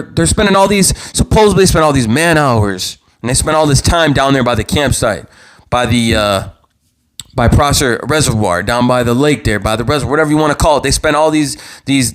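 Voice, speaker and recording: On his own channel's livestream, a man hosts his talk show with impassioned commentary, worked up, repeating words and swearing. His mid-range voice is expressive and a bit bright, at normal speed.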